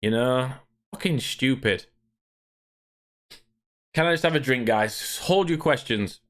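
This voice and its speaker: A man's voice: medium pitch, expressive, slow, fairly bright tone. A man ranting angrily and swearing while streaming, talking to his chat. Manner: profane, ranting, irritated. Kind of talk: angry gaming rant on livestream.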